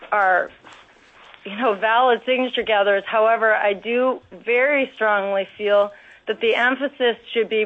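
A woman giving earnest, careful public testimony at a legislative hearing, pausing often with ums. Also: medium pitch. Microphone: telephone. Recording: tinny phone line.

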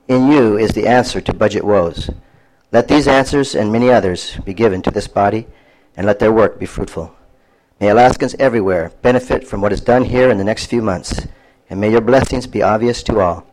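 Low-voiced pastor leading a solemn prayer. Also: male voice, a little mellow, poor audio. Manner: solemn, unhurried prayer cadence. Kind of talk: invocation prayer.

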